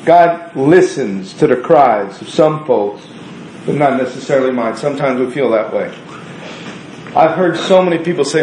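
A man's voice: fairly high pitch, animated, moderate pace, darkish tone, a little hiss or hum. A man preaching a sermon in an earnest, conversational way, stretching out words for emphasis. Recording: echoey room.

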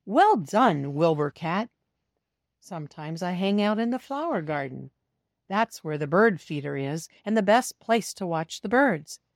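Speaking as the cat narrator of a children's storybook, this woman addresses her young audience directly in a slow, expressive read. Her voice sits lowish, captured in a dry, studio-quality recording.

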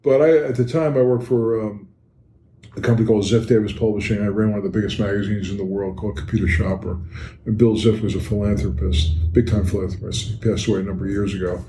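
An older man, a podcast guest, telling a story in an animated, emphatic way. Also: lowish voice, quick pace. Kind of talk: storytelling interview. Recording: roomy with faint noise.

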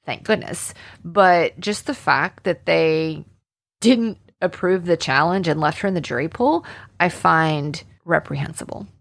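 Woman podcast host from Alabama, casual and indignant, gravelly fry, dry close sound. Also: low voice, a little slow, no echo. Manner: conversational, indignant, many fillers. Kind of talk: casual true-crime podcast narration.

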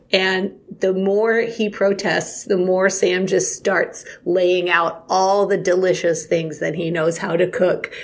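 A woman co-hosting a casual book discussion, enthusiastic and reflective. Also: fairly low pitch. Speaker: podcast co-host.

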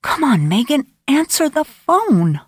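A woman's voice: medium pitch, animated, a little slow, a little mellow, husky, no room sound, studio quality. A woman voicing a frightened young woman who speaks with urgency in an audiobook reading. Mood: pleading. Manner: urgent, breathless pleading.

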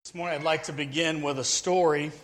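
A man's voice: fairly high pitch, steady tone, fairly quick, over loud music. A man preaching a sermon, opening with a joke story and then teaching earnestly from scripture.

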